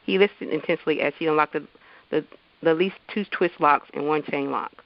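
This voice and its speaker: Woman author reading her novel, halting and stumbly, gravelly voice, muffled lo-fi sound. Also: low-pitched, no room sound. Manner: halting, with many fillers and restarts. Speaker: guest author and teacher. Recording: dull lo-fi dry sound.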